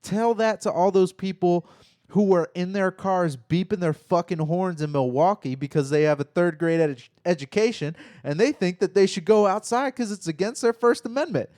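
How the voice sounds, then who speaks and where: A man co-hosting a casual live chat, telling stories in a profane, animated way. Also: high-pitched, moderate pace, no echo, clean studio sound. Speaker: podcast co-host.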